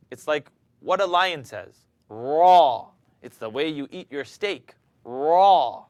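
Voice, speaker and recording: A man teaching Quran recitation, calmly demonstrating letter sounds and asking students to repeat after him. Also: mid-range voice, no echo. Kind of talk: pronunciation lesson.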